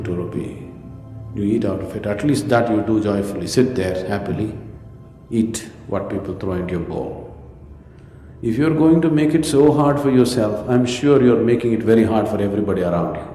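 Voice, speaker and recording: A man giving a spiritual talk, asking rhetorical questions and slipping in jokes. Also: lowish voice. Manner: rhetorical questions, joking asides. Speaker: spiritual teacher. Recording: reverberant hall with soft music.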